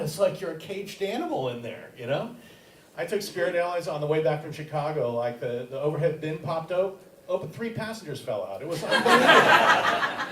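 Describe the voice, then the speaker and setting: An older man doing stand-up comedy as the emcee and teacher, with a wry, self-deprecating, crowd-teasing delivery. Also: on the high side. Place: comedy theater stage with a live audience. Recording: roomy, distant live-stage recording with audience noise.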